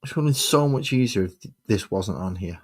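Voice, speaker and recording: A man's voice: lowish voice, lively intonation, brisk, husky. A man streaming his miniature painting, chatting casually and muttering sarcastic asides to himself as he works. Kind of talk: casual chat while painting.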